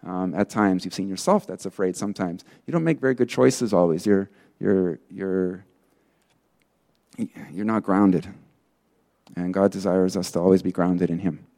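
A man delivers a sermon in an earnest, rambling manner. He leans on fillers and restarts as he talks. His voice sits fairly low. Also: moderate pace, dark tone. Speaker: pastor.

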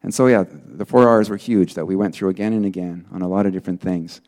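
A man's voice: deep voice, fast talker, a little mellow. A man preaching a sermon in an earnest, rambling way, full of fillers and restarts. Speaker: pastor.

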